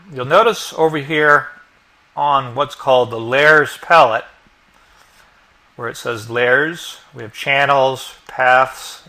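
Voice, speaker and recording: A man narrating a software tutorial step by step as the instructor, explaining each click as he goes. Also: mid-range voice. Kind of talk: screen-recorded tutorial narration.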